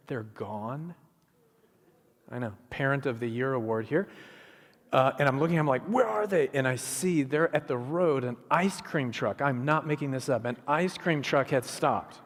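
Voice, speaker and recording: A middle-aged man giving an animated storytelling sermon as a guest speaker, acting out the voices of the people in his story. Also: mid-range voice. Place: church sanctuary. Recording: long hall reverb.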